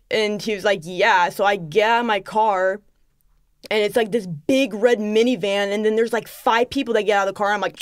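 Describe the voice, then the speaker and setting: Young woman, podcast guest, casual storytelling, quick quoted asides, dry sound. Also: medium pitch, clear, resonant tone, no room sound. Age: young adult. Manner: animated, quick retelling with many quoted asides. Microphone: studio microphone.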